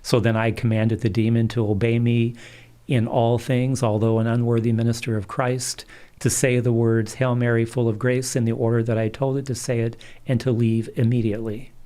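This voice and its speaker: A middle-aged man, a Catholic priest, calmly telling stories in an interview. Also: mid-range voice, moderate pace. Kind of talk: storytelling in a livestream interview.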